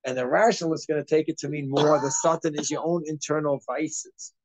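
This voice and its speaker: A man gives an informal Torah class, talking quickly and animatedly. His voice sits on the higher side and is recorded close and dry. He slips into acted asides to make his points. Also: fairly even intonation, darkish tone, dry recording. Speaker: rabbi giving a class.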